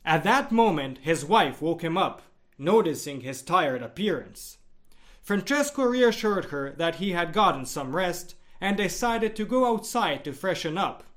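A man narrating a devotional story in a measured, expressive storytelling manner. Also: high voice.

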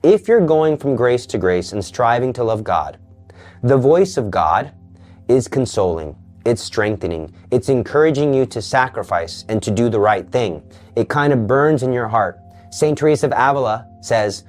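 A man giving an earnest Catholic teaching talk in a sermon style, dropping to a hush for quoted voices. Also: medium pitch, expressive, normal speed, faint music behind. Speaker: Catholic preacher.

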